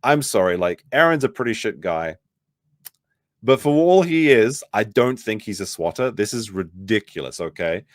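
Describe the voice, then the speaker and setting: Man, young adult, livestream commentary, lively swings in pitch, dry sound. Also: normal speed, no room sound. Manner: incredulous, swears a lot, jumps in pitch when outraged. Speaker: commentary streamer.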